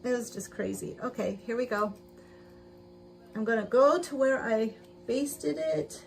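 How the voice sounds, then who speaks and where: Slow, chatty woman sewing on a livestream. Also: fairly high pitch, expressive, vocal fry, faint music behind. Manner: chatty, talks to herself while working, laughs often. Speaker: livestream host. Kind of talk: casual sewing livestream chat. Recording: noisy livestream audio with sewing machine. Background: sewing machine noise.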